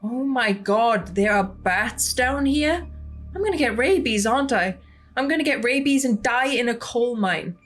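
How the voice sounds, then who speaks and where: A woman voicing a jumpy, anxious young woman in a game, talking in a panicky, dramatic way at a raised pitch. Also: animated, measured pace, faint music behind.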